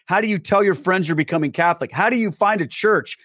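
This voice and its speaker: A man telling a personal story as a podcast guest, animated, acting out the dialogue. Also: high-pitched, fast, dry recording, clean studio sound. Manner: many fillers and restarts.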